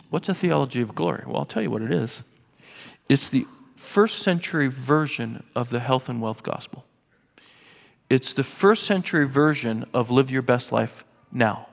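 A man's voice: medium pitch, animated, normal speed, gravelly. A man preaching a sermon as pastor, emphatic and sarcastic, often restarting his words, in a church. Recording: reverberant hall.

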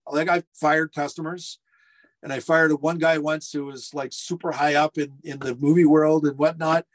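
Middle-aged man, lively anecdotal storyteller, restaurateur guest, fairly high pitch, video call. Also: moderate pace. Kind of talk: casual storytelling interview. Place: home furnace room.

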